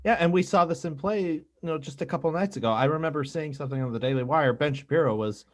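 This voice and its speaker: A man's voice: fairly high pitch, quick pace. A man co-hosting a political discussion podcast, telling stories in a casual, indignant way. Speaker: podcast co-host.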